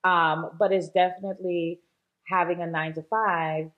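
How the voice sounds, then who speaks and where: A woman's voice: lowish voice, flat delivery, moderate pace, phone-quality sound. A woman guest in a casual interview, a shop owner talking chattily with many fillers and easy laughs.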